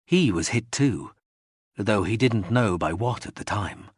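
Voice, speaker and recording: Male audiobook narrator, husky and dry, measured reading with animated pitch. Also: dry recording. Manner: measured reading, acts out quoted speech in raised voices. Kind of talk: scripted narration.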